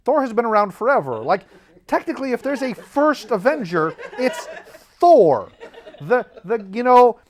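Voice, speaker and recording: A man's voice: very high voice, sing-song, moderate pace. A man telling rambling, jokey stories in a casual monologue, often cutting himself off mid-sentence. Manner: rambling, self-interrupting, jokey. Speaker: show host.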